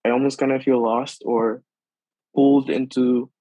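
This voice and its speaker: A man's voice: mid-range voice, moderate pace, dry recording, rough recording. A young man from Bonaire, a student, talking casually and reflectively as a podcast guest, with lots of fillers. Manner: relaxed, reflective, many fillers and likes. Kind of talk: casual conversation.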